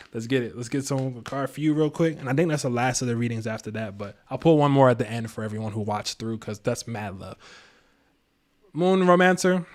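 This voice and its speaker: A man's voice: mid-range voice, normal speed. A man giving a casual live tarot reading, slangy and laid-back, chuckling to himself. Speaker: tarot reader and astrologer.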